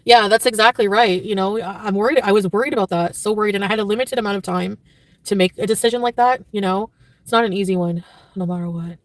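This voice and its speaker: A woman's voice: mid-range voice, quick pace, no room sound, far from the mic. A woman livestreamer chatting casually and reading her chat, rambling with constant filler words and turning blunt and profane. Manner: blunt and profane when annoyed.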